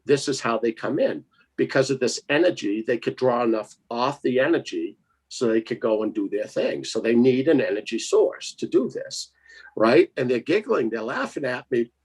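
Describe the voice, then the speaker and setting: A man with a husky, slightly breathy voice sits at an ordinary middle pitch. He tells a spooky story in a lively, emphatic way and keeps checking in with his listener. It sounds like a relaxed interview guest. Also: moderate pace. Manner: lively, emphatic, tags lines with 'right?'. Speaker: paranormal investigator guest. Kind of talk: casual storytelling.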